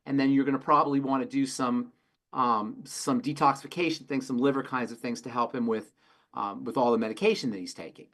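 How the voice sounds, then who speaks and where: Fairly quick and a bit bright, with mostly even intonation in a mid-range voice, a pharmacist answers call-in health questions. He stresses points by repeating phrases and tells folksy stories.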